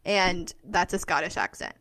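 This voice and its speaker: A woman's voice: fairly low pitch, bright, forceful tone, no echo. Enthusiastic woman podcast co-host. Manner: enthusiastic, quick reactions. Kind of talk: casual chat.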